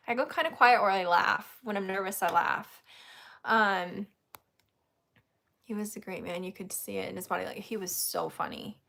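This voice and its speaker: A woman host telling a story in casual chat, animated, laughing often and acting out what others said. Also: medium pitch, a little slow, creaky, long pauses.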